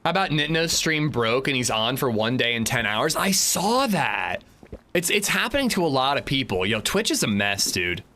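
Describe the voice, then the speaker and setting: A young man talks casually over his gameplay livestream, rambling and restarting his sentences as he goes. His voice is bright and forward at a middle pitch, with a faint hiss of noise behind it. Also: sing-song, fairly quick, few pauses. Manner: chatty and rambling, frequent restarts and fillers. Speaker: streamer.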